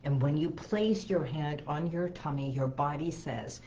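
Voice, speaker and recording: A woman hypnotherapist hosting a talk, slowly guiding listeners through calming phrases and breathing, often repeating soothing lines. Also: low voice, muffled recording. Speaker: hypnotherapist host.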